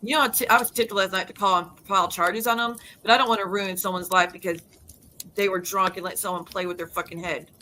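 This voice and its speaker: A woman's voice: medium pitch, steady tone, fast talker, sharp tone, low-quality recording. A woman YouTuber ranting in a casual vlog, heated and blunt, swearing freely and repeating her denials with emphasis. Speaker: YouTuber and live streamer.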